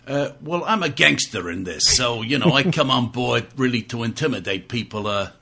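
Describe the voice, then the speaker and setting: A man's voice: mid-range voice, animated, normal speed, creaky, pushed and bright. A man on a radio show talking about his amateur theatre group, chatty, with frequent restarts. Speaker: guest, amateur operatic society member. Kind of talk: casual radio interview. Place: radio studio.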